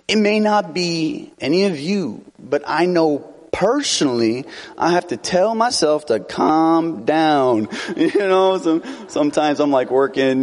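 A man preaching a sermon in a casual, conversational way, often adding tag questions and light laughs. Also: on the high side.

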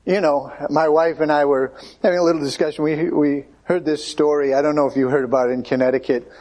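A man's voice: a little high, steady tone, fast, a little mellow. A man preaching a conversational sermon, acting out the voices of Bible figures.

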